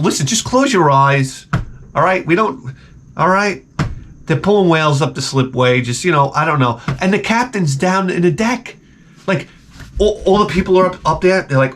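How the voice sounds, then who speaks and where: Male vlog host with a slightly high voice, rambling and exasperated, swears freely and restarts his sentences. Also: expressive, moderate pace, a little hiss or hum. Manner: profane, digressive and exasperated; often repeats and restarts words. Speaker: video host. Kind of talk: rambling comedic rant.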